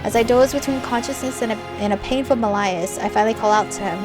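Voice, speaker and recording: A young woman reading a visual novel aloud and reacting with loud, animated outbursts between the narration. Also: a little high, fast. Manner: expressive, jumps to loud excited reactions. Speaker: gamer. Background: faint game music.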